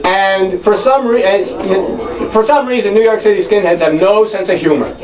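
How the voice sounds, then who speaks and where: A man performing a rambling, wry storytelling monologue on stage, breaking into loud shouted chants. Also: sits high, normal speed, crowd noise. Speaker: spoken word performer. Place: club stage with audience. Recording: echoey room from a distant mic.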